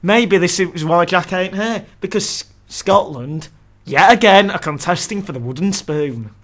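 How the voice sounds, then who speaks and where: A man's voice: high-pitched, unhurried, fairly bright tone. A young man co-hosting a casual podcast, joking and laughing often at his own lines. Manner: jokey, self-mocking, laughs often. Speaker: podcast co-host.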